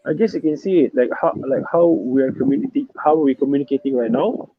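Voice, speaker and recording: A man with a Malaysian English accent, an emcee telling stories in a casual interview, often repeating words when he gets excited. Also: mid-range voice, fast, no room sound. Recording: dry, phone-like narrow sound.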